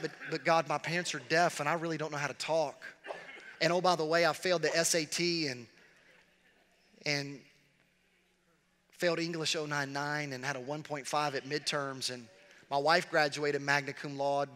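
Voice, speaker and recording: A middle-aged man preaching a sermon as pastor, animated and repeating phrases as he speaks straight to the congregation. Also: fairly high pitch. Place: large church sanctuary. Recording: long reverb of a large hall.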